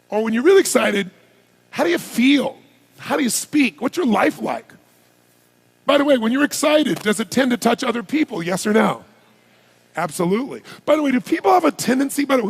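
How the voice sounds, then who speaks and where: A man giving a live motivational seminar who fires rhetorical questions at the audience and swings from low intensity to shouted hype. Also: creaky, slightly rough, poor audio. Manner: rapid-fire rhetorical questions, commanding the crowd. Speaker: motivational speaker.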